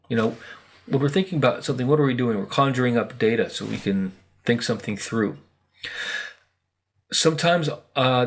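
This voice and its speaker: American guy rambling on about spirit stuff, lots of ums and likes, plain middle voice. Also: mid-range voice. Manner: rambling, many fillers and quoted asides. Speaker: spiritual video host. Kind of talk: casual monologue.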